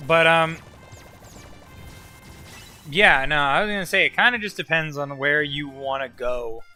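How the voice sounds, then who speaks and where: Bright-voiced young man streaming games. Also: on the high side, measured pace, soft background music. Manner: loose, profane, rambling with many fillers. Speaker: game streamer. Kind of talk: casual live-stream commentary.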